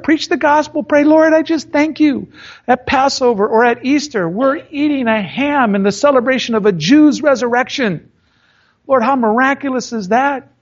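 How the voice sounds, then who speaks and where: Middle-aged pastor guy preaching, high voice, jokey and animated, kinda dull lo-fi sound. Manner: animated, joking storyteller. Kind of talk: sermon.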